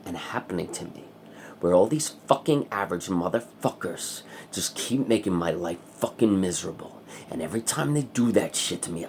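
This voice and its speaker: A man's voice: sits low, vocal fry, a little hiss or hum. A man angrily ranting in a personal vlog, swearing a lot. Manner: angry, profane ranting. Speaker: vlogger. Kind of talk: vlog rant.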